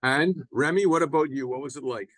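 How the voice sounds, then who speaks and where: A man's voice: fairly high pitch, a little fast, fairly bright tone, no room sound. A man hosting an interview, asking friendly questions that sometimes stumble. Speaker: podcast host.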